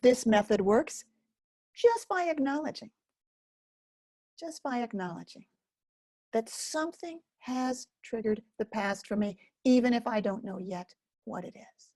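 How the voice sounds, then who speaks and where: A woman teaching a guided self-help lesson, speaking gently and slowly with many pauses. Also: fairly high pitch, lively intonation, no echo, studio quality. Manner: gentle, slow and pausing, speaks as if to a listener. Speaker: focusing teacher.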